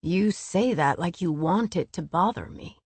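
A woman reading the lines of a fierce winged male warrior with icy, controlled fury, speaking in a low, clipped, intense way. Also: animated, measured pace, a little mellow, slightly rough, no room sound, full character voice.

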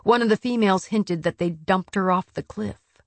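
A woman reading the lines of a fierce winged male warrior with icy, controlled fury, speaking in a low, clipped, intense way. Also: moderate pace, creaky, dry recording.

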